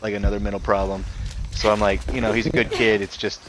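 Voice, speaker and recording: A man's voice: on the low side, little pitch movement, quick pace. A young man streaming a game, venting a heated, profane story full of fillers like "like" and "I'm like". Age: young adult. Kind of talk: casual venting while gaming. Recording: noisy live stream audio.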